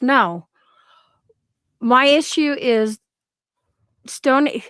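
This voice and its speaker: A woman co-hosting a livestream, passionate and apologetic, quick to flare up in casual chat. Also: sits high, expressive, a bit bright, dry recording. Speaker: livestream co-host.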